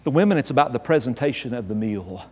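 A married man preaching a humorous sermon, telling a story with emphatic, animated delivery that swells into exasperated outbursts. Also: mid-range voice, fast, breathy edge. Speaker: pastor. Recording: reverberant hall.

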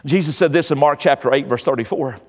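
A man's voice: mid-range voice, quick pace, long reverb tail. An older man preaching a sermon as pastor, his delivery swelling and dropping in volume. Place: church.

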